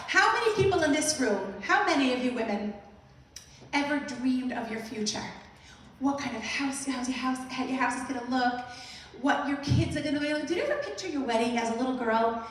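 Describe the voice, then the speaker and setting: A woman giving an animated motivational talk to an audience, telling stories and asking the room questions. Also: high voice, brisk, slight background noise. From Brooklyn, US. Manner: animated storytelling, acting out her own reactions. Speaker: inspirational speaker. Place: large hall at a museum event. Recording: echoey hall, voice from far off.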